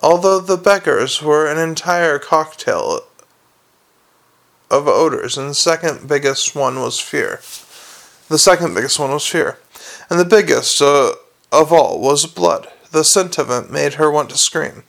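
A man reading a comic fantasy novel aloud, in a wry, steady way with small slips. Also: fairly high pitch, unhurried, gravelly. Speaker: audiobook narrator.

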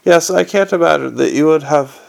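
Guy doing a cheeky old lady banker, blunt and teasing, kinda high and crackly. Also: a little fast, creaky. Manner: dry, teasing, slyly blunt. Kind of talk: audiobook character reading.

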